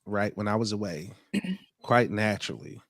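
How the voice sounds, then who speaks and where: This live-streaming podcast host is a grown man and a dad whose voice sits on the low side, moving at a moderate pace. He reads out viewer comments and jokes around in relaxed, foul-mouthed banter, recorded cleanly in a studio with no room sound.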